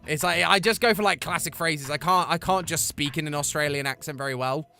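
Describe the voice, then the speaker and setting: A man's voice: fairly high pitch, pushed and bright, faint music behind. Chatty man streaming. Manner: chatty, quick asides to chat, playful. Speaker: streamer answering chat. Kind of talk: casual live-stream chat.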